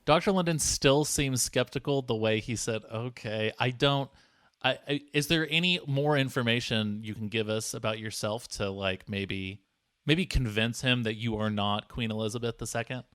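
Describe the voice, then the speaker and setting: A man co-hosts a comedy podcast, teasing his partner with playful exasperation. His voice is mid-pitched, and the recording is close and dry. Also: normal speed, a bit bright, clear, resonant tone, dry recording. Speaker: podcast producer.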